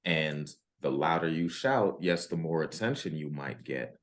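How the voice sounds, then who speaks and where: A man's voice: a bass voice, a little slow. A man talking through ideas in a casual podcast discussion, thoughtful and full of restarts. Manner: thoughtful, restarts often, rising when emphatic.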